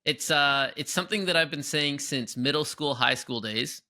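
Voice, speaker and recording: A young man co-hosting a podcast in casual chat, animated, often breaking into exaggerated impressions. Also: a little high, moderate pace. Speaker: podcast co-host.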